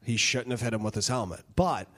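A man's voice: mid-range voice, a little fast, fairly bright tone. A young man co-hosting a podcast, talking in a loose, slangy way and swearing freely. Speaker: podcast co-host. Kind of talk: casual chat.

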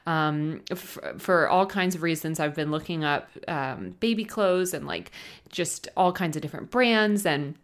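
A woman's voice: low voice, measured pace. Gushing, teary young woman podcast host. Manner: emotional, gushing, near tears. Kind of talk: casual solo podcast chat.

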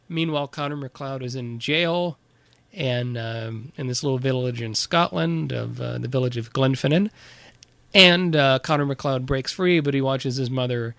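A man co-hosting a podcast, chatting casually about a movie and recapping its plot in a halting way, with plenty of fillers. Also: medium pitch, vocal fry, a bit bright, dry recording. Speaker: podcast co-host. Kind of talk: casual movie review chat.

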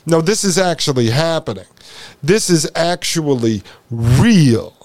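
A man's voice: fairly high pitch, animated, a little slow, darkish tone, dry recording. A man hosting a podcast, commenting over a video he is playing, emphatic and repetitive, with sarcastic asides. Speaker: podcast host.

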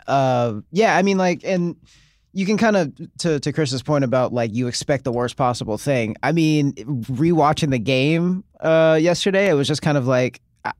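A man's voice: on the high side, normal speed, dry recording, studio quality. A man in a casual sports podcast chat, laid-back and full of "like"s and laughter.

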